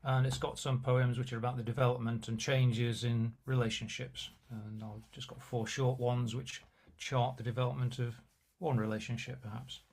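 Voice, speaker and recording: A man reads his own poetry over a video call, pausing for dry, chatty asides between pieces. His voice sits at an ordinary middle pitch and comes through a video call. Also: level tone, a little mellow. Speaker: poet reading his work.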